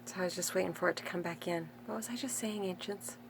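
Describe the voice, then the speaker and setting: A woman's voice: lowish voice, quick pace, gravelly, noisy background. A woman acting as a spiritual teacher, talking in a meandering, self-interrupting way in a casual spiritual monologue with open emotion.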